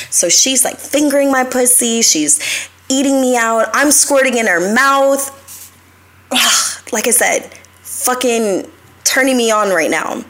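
A woman's voice: fairly high pitch, expressive, measured pace, a bit bright. A young adult woman hosting a live show, telling stories in a casual, confessional way, swearing freely and talking straight to her listeners.

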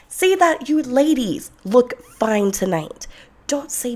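A young woman telling a personal story in a blunt, profane, sarcastic and animated way. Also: a little high, measured pace. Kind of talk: casual storytelling.

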